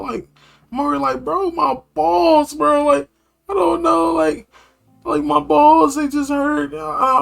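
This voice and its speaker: A young man telling a story in an animated, slangy way, tossing in "bro" a lot. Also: a little high. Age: young adult. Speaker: streamer.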